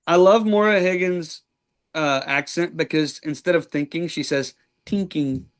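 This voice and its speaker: A man's voice: a little high, moderate pace, clean tone. A man hosting a podcast, recapping a reality show in casual chat with plenty of ums and likes. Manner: rambling play-by-play recap with many ums and likes. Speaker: podcast host.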